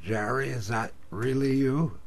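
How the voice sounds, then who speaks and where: A man voicing a meek elderly woman calling a radio show, speaking slowly and hesitantly with repeated words. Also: mid-range voice, pitched above the performer's own voice.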